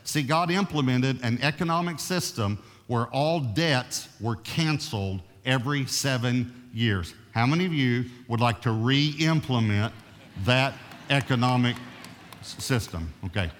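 A man's voice: medium pitch, lively intonation, measured pace, a bit bright. A male pastor delivering a sermon, emphatic and checking in with his congregation. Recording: long reverb of a large hall.

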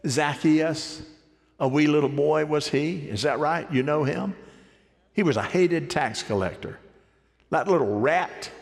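A male pastor preaching a sermon in a folksy, animated way, asking his congregation questions. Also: on the high side, husky, long reverb tail.

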